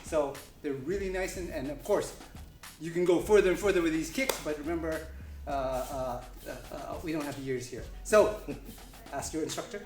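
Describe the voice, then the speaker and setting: A man's voice: fairly high pitch, moderate pace, a little mellow, faint music behind. Guy teaching kung fu kicks, jokey and rambling, lots of uh's, roomy echo. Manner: loose, joking, many fillers and restarts. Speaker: kung fu instructor. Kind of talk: casual demonstration lesson. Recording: echoey room.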